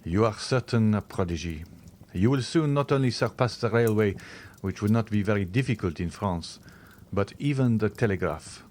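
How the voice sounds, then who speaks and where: A man's voice: on the low side, lively intonation, normal speed, darkish tone, a little hiss or hum, lightly acted. A man reading the part of an earnest, eager young viscount. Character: young viscount, eager and devoted to his mother.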